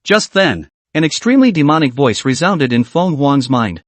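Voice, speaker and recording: A man narrating a fantasy comic recap in a dramatic, steady storytelling manner. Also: on the high side, normal speed, few pauses, dry recording. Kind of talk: scripted narration.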